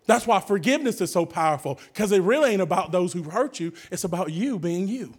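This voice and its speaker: A male pastor delivers an energetic sermon to his congregation. His voice sits high for a man, and he swings from shouted bursts down to hushed asides as he calls out to the room. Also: brisk, breathy edge.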